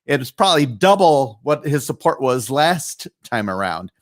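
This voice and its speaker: A man's voice: medium pitch, big pitch swings, a little slow. A man hosting a live online show, talking casually with lots of fillers and restarts. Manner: rambling, chatty, with many fillers and restarts. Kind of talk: casual live-stream commentary.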